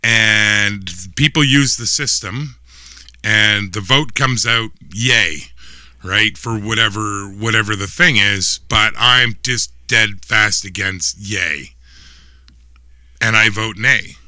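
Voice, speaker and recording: A lower-pitched man, talking casually on a livestream. His voice sounds very bright and forward, and he rambles through restarts and chuckles. The sound is dry and close. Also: slow, no room sound. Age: 50s. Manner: rambling, laughing often, trailing restarts. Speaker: livestream co-host. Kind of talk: casual political chat.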